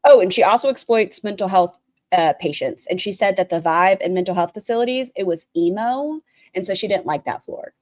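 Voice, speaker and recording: A woman's voice: medium pitch, a little fast, darkish tone, no echo, clean studio sound. A woman streamer giving blunt, opinionated commentary while reacting to another stream and talking to her chat.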